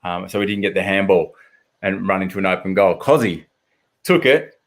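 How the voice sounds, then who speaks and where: A man's voice: sits low, normal speed. An Australian man hosting a casual football podcast, chatty and full of fillers and stats. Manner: chatty, stat-heavy, lots of fillers. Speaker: podcast host. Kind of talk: casual footy chat.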